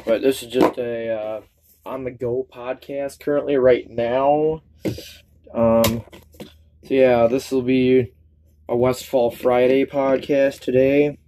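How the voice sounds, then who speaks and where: A man hosting his own podcast in a loose, rambling chat, swearing freely and thinking out loud in a self-conscious way. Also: medium pitch, flat delivery, takes it slowly, a little hiss or hum. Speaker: solo podcast host. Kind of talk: casual solo podcast chat.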